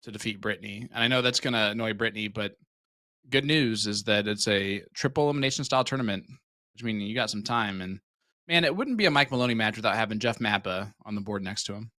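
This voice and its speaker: A man's voice: lowish voice, quick pace, bright, forceful tone, dry recording. A man commentating a darts tournament, joking and chatty with asides between throws. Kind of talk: live sports commentary.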